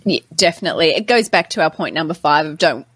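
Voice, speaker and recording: A woman's voice: deep voice, lively intonation, fast talker, a bit bright, husky, no room sound. An Australian woman co-hosting a casual podcast, explaining points in a playful way. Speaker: podcast co-host. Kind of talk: casual chat.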